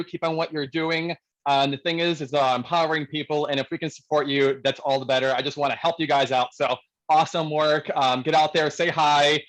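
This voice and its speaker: Upbeat New guest, slightly high. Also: male voice, fairly bright tone, rough recording. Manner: upbeat, encouraging, laughs easily. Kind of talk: casual interview chat.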